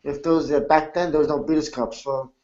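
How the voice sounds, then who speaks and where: A man's voice: a little high, fairly even intonation, brisk, darkish tone. A man chatting casually as a horse racing handicapper, hesitant and full of restarts. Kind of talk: casual roundtable chat. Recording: dull lo-fi recording.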